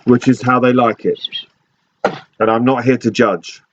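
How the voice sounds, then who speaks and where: A man's voice: medium pitch, steady tone, unhurried, dull audio, slight background noise. A man co-hosting a live cabaret show, trading dry, sardonic, theatrical quips during a prize-giving. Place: live venue on stage.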